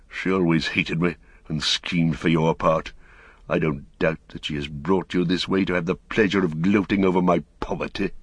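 A man voicing a bitter, fallen old wizard who talks slowly and mockingly, in an audiobook reading. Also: sits low, husky, no echo. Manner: slow, sneering, mocking.

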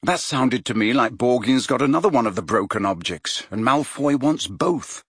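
A stubborn, earnest teenage boy, as a man reads him, pushing his point with lively rises and falls. the voice is husky and dry. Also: mid-range voice, normal speed, no echo. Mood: insistent. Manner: insistent, earnest.

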